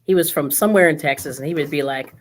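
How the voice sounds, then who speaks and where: A woman's voice: deep voice, fast. A woman hosting a casual crafting livestream, chatty and laughing often as she tells stories. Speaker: livestream host. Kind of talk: casual group chat while crafting.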